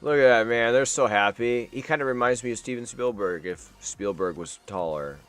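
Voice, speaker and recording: A man's voice: medium pitch, moderate pace, fairly bright tone, soft background music. A man hosting a live stream, reacting to news in a rambling, wisecracking way and swearing freely. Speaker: streamer host.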